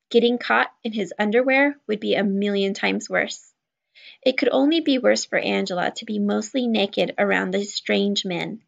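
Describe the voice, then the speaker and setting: A woman reading a children's novel aloud in a steady, even storytelling voice. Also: mid-range voice, vocal fry, highs cut off. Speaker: children's book reader. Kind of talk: read-aloud narration.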